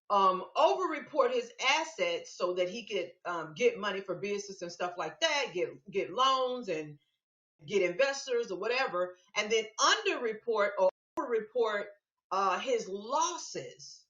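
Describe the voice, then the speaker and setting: A woman's voice: medium pitch, expressive, unhurried, fairly bright tone. A woman giving casual political commentary in a vlog, emphatic and repeating words for stress. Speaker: vlogger. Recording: echoey room, dull lo-fi sound.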